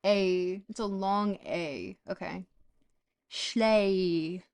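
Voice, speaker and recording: Slow, tired woman streamer reading aloud. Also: mid-range voice. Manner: halting, stumbles over foreign words. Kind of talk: casual live-stream reading with chat.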